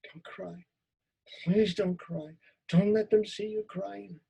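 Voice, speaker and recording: Frightened boy's inner voice, voiced by a man, soft, pleading, husky, pitched up. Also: fairly even intonation, slow, exaggerated voice.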